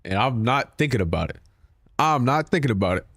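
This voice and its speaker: A man's voice: medium pitch, animated, a little fast, fairly bright tone, dry recording, studio quality. A man streaming a game, chatting casually and profanely with his viewers, joking and talking back to chat.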